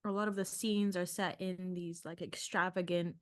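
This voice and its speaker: A woman's voice: on the low side, little pitch movement, normal speed, dry recording, clean studio sound. A woman guest on a casual film podcast, thinking aloud and trailing off into questions.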